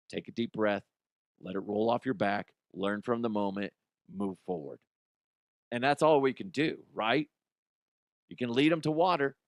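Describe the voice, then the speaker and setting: Blunt and freely swearing, a middle-aged podcast host and youth coach delivers a casual solo monologue, raising his voice to act out quotes. The recording is dry and his voice lowish.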